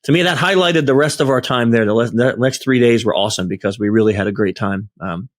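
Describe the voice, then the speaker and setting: A man's voice: mid-range voice, quick pace, no room sound, clean studio sound. A man on a podcast telling a work story in casual chat, acting out the voices of people he quotes. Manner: animated, acts out quoted dialogue. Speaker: podcast host and security tester.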